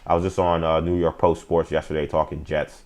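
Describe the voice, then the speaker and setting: A man's voice: a bass voice, little pitch movement, brisk, darkish tone. A man hosting a casual live-stream sports talk show, opinionated and slangy, speaking straight to his chat viewers. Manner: frequent fillers and restarts, slangy.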